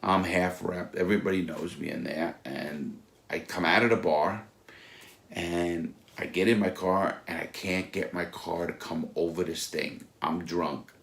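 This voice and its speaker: A man telling blunt, profane stories from his own past in a casual, animated way. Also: low voice, measured pace, creaky. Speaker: storyteller recounting his past. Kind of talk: casual spoken anecdote. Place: Florida.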